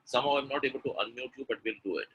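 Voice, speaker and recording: A man's voice: mid-range voice, rapid-fire, fairly bright tone, slightly rough, lo-fi sound. A man with an Indian English accent teaching pronunciation in a live online webinar, drilling sounds by repetition. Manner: drills sounds by repeating them, urges chat replies. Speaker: spoken English trainer.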